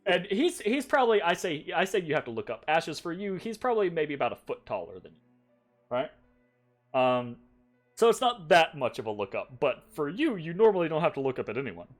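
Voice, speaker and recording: A man's voice: a little high, big pitch swings, a little fast, faint music behind. A man game master narrating a tabletop game in a chatty way, laughing and restarting often.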